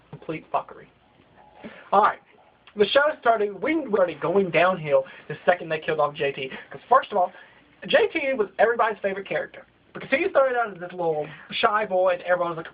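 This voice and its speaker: A late-teen young man rants in a comedic vlog, high-pitched, animated and brisk, piling on profanity and exaggeration. The audio is dull, lo-fi home video sound.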